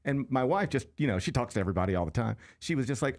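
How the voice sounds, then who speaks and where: Animated man telling a story. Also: medium pitch, very fast, few pauses. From Alabama. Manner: lively storyteller, acts out quotes. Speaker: sports radio host. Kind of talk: casual studio chat.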